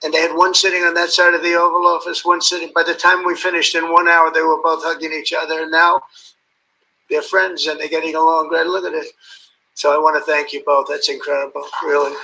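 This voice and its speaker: In a brisk, level, slightly high voice with vocal fry and a pushed, bright quality, a head of state ad-libs a ceremonial speech. He rambles, names guests aloud and lavishes boastful superlatives on the leaders he mentions. The poor audio has a little hiss or hum.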